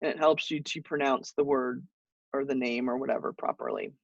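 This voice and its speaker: A man teaching a college poetry class online, explaining in a relaxed way with frequent fillers and restarts. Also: mid-range voice, a little fast, vocal fry, no room sound. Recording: muffled distant mic.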